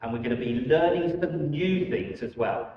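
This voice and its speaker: A man's voice: a little high, normal speed, creaky, a little hiss or hum. A man leading a children's holiday club, talking to the kids in an upbeat, enthusiastic way. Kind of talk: lively talk to children. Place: church hall. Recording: echoey, distant, dull live-stream sound.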